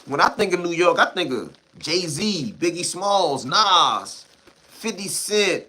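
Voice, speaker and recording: A man's voice: high voice, big pitch swings, slow, bright, forceful tone, a little hiss or hum. A man from Washington, D.C., with a D.C. accent, hosting a livestream and ranting back at chat in blunt, heated, profane street talk. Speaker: livestream host. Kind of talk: casual livestream rant answering chat.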